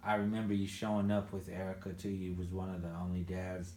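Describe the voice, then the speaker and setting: A man interviewing a father he worked with, asking gentle leading questions with frequent restarts. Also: deep voice, monotone, brisk, roomy sound, a little hiss or hum. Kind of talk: casual interview.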